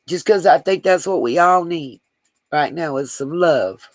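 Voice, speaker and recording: Animated yet unhurried, this livestream host speaks in a medium pitch on a rough recording with no echo. He reads viewers' comments aloud and talks to them straight on, casual, affectionate and rambling.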